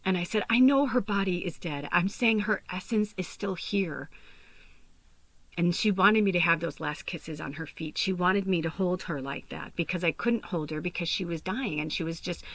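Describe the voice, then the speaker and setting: On her podcast, a young woman who is also a medium recounts a personal story so emotional she nearly cries, using many fillers and frequently dropping to a whisper. She speaks at a moderate pace in a lowish, fairly bright voice, with no echo.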